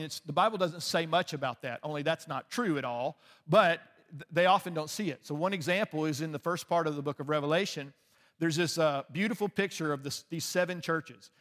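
Male preacher, fairly high voice, earnest conversational sermon, big reverberant sanctuary. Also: a bit bright. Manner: earnest, conversational, frequent restarts. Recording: long reverb of a large hall.

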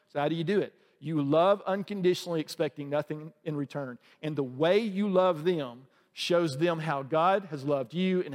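A man's voice: a little high, big-room sound. A male pastor preaching a sermon in a church, conversational and humorous, often asking the congregation questions. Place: church sanctuary.

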